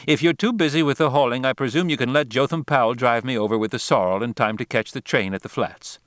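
A man's voice: medium pitch, quick pace, fairly bright tone, no room sound, natural voice. A man reading the lines of a complaining, sickly middle-aged farm wife in an audiobook, in a dry, close recording. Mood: plaintive.

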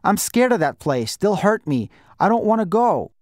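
A man's voice: a little high, animated, a little slow, darkish tone, no echo, clean studio sound. A man voicing a frightened young orphan boy who pleads with a breaking voice. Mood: terrified pleading.

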